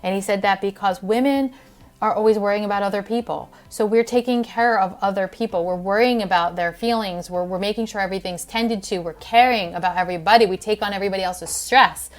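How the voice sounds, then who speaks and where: A woman's voice: medium pitch, fairly quick. A woman hosting a health podcast, talking in a casual, earnest and heartfelt way with fillers and restarts. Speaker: podcast host and functional health practitioner.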